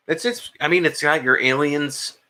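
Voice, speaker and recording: A man's voice: a little high, moderate pace, sharp tone. A man co-hosting a podcast, chatting casually about movies with lots of fillers and restarts. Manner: rambling, many fillers and restarts. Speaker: podcast co-host.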